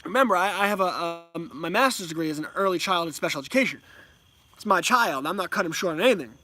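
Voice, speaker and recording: High-voiced man telling a rambling story. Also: animated, quick pace, bright, forceful tone, a little hiss or hum. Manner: rambling storyteller, many ums and restarts. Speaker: homeschooling parent. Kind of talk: casual monologue to camera. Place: at home.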